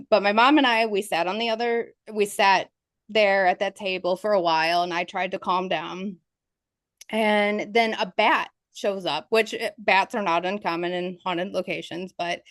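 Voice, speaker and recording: A woman's voice: mid-range voice, no room sound, studio quality. A woman, a ghost investigator guest, telling her experiences as a vivid storyteller who laughs through the tense moments. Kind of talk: interview storytelling.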